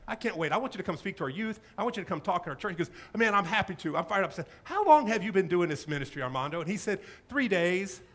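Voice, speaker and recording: A male pastor preaching a sermon in a church, telling a story with lively acted-out quotes. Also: high voice. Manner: animated storytelling, acting out quoted voices. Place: church sanctuary.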